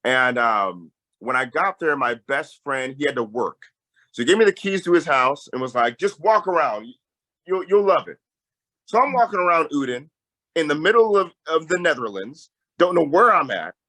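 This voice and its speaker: A young man, a peace campaigner, telling a story in a lively conversational way. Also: on the high side, moderate pace, rough recording. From Tacoma, Washington. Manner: animated storyteller, voice jumps up when excited.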